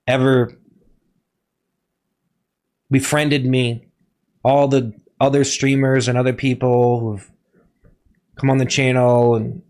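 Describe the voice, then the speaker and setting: A young man streaming to his chat, talking in a halting, over-earnest, mock-serious confession. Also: medium pitch.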